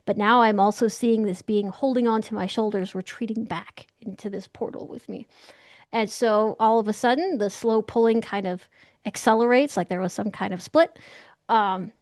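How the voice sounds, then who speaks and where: A young woman, a guest in an interview, telling a story in an animated, excitable way and acting out the voices she quotes. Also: on the high side, no echo, clean studio sound.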